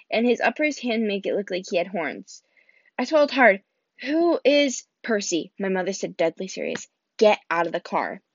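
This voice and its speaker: A woman's voice: mid-range voice, no echo. A woman reading a novel aloud and voicing its characters, with frequent restarts and slips as she reads. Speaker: reader. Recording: dull lo-fi recording.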